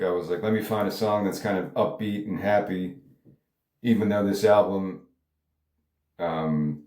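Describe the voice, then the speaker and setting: A songwriter talks casually about his music in a low, slightly mellow voice with a reverberant sound. His monologue rambles, he keeps stopping himself, and filler words come up often.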